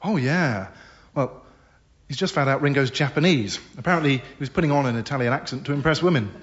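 A man's voice: mid-range voice, expressive, fairly quick. A man performing radio sketch comedy and a jaunty punning comic song. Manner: jaunty, punning delivery over music. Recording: dull lo-fi recording with long reverb and loud guitar music.

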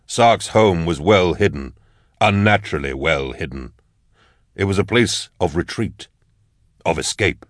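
A man's voice: deep voice, lively intonation, no echo, clean studio sound. A man doing a grave, commanding inquisitor. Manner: slow, deliberate, grave. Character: stern older male inquisitor, measured and commanding.

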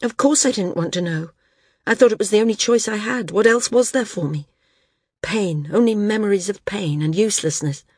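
A woman reader voicing a resolute young woman, intense and pleading, in a storybook reading with a husky tone. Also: mid-range voice, normal speed, dry recording, studio quality, close to an everyday voice. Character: determined young woman flyer, anxious but resolute.

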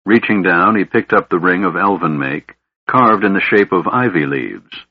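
Brief: male audiobook narrator, low husky voice, somber and measured, muffled lo-fi sound. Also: lively intonation, no echo. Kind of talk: scripted narration. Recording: dull lo-fi audiobook recording.

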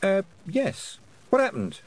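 A man's voice: high voice, huge pitch swings, slow pace, pitched above the performer's own voice, full character voice. A man doing a weary, sensible young girl. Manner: weary, matter-of-fact. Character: sensible, plain-spoken farm girl.

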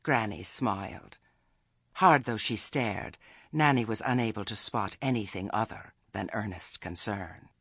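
A man reads a story aloud in a wry, measured way. His voice is low, gravelly and slightly husky, with lots of movement in pitch. The sound is close and dry. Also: fairly bright tone, dry recording. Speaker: audiobook narrator. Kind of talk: scripted narration.

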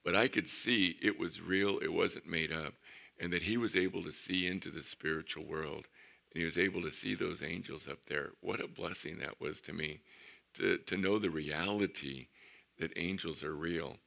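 A man's voice: low voice, moderate pace, vocal fry, bright, forceful tone. A middle-aged man preaching a sermon as pastor, telling stories and building to emphatic points.

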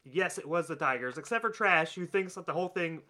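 A man co-hosting a casual movie podcast, telling the story with animated laughter. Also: on the high side, fairly quick. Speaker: podcast co-host.

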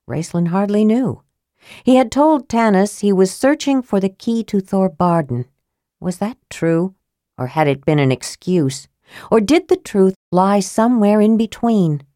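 A woman reading a fantasy novel aloud as an audiobook narrator, in measured, even storytelling. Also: medium pitch, dry recording, clean studio sound.

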